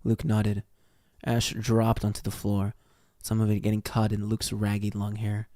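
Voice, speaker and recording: A man's voice: lowish voice, monotone, normal speed, warm tone, dry recording, studio quality. An American man reading a fan fiction story aloud on a stream, swearing freely and stumbling over words as he reads. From United States.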